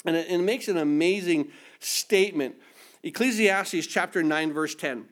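Emphatic male preacher, fairly high voice. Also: normal speed, a bit bright. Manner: emphatic, repeats phrases, acts out voices of scripture figures. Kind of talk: sermon.

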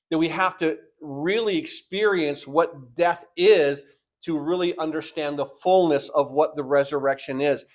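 An older man with a high-pitched voice delivers a Sunday sermon. He leans on rhetorical questions and often repeats words as he goes. He slips into the voices of the people he quotes. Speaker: pastor.

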